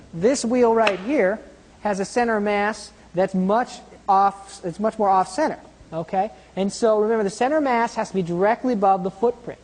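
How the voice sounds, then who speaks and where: A woman teaching a science lesson through hands-on demonstrations, pausing often to check that her listeners follow. Her mid-pitched voice carries a long echo from a large room. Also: darkish tone. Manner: explains while doing hands-on demonstrations, often checking in with "okay?". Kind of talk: classroom demonstration lecture.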